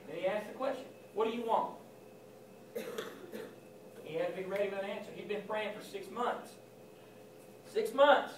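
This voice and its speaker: A man's voice: sits high, background noise. A man giving an informal chapel sermon to school students, talking conversationally and acting out Bible scenes in quoted voices. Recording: echoey chapel from far off.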